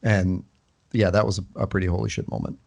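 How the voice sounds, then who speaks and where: A man with a somewhat low voice co-hosts a casual book-club podcast. He speaks thoughtfully and hesitantly, often pausing and restarting as he works through his thoughts. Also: steady tone, vocal fry, a little mellow. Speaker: podcast co-host.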